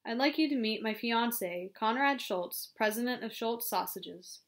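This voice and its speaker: A woman's voice: a little high, moderate pace, close to an everyday voice. A teasing charming young man, as a woman reads him. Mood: playful.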